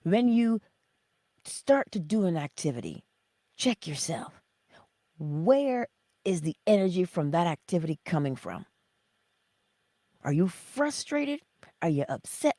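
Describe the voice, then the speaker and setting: A middle-aged woman hosting a motivational livestream, speaking slowly and emphatically and often dropping to a breathy whisper. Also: fairly low pitch, big pitch swings, warm tone, no room sound. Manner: acts out her own self-talk in little voices. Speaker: livestream host.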